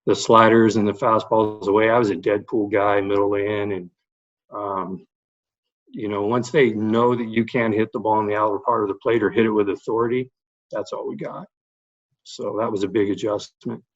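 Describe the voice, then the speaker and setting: A man's voice: fairly low pitch, moderate pace, dull audio. A middle-aged man, a baseball coach, telling anecdotes from his playing days in a casual podcast chat. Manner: animated anecdotes with fillers. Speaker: guest, baseball head coach.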